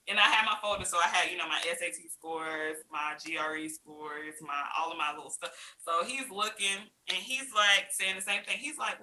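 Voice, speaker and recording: A woman guest telling her story in a casual interview, animated, acting out other people's lines and laughing often. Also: on the low side, normal speed. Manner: laughs often while talking. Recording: roomy with faint hiss.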